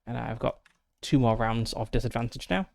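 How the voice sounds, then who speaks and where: Gravelly man narrating a solo tabletop game. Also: medium pitch, normal speed, slight background noise. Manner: methodical, thinks aloud with frequent fillers. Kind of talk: casual narration of dice rolls and rules.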